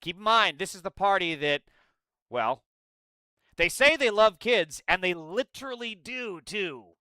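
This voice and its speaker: A young man with a bright, crisp voice hosts a live stream, reacting to his chat. He rants in a sarcastic, crude way. His voice sits a little high and is recorded dry and close, with no room sound. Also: very animated, measured pace, no room sound. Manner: mocking impressions in a goofy voice. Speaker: political streamer.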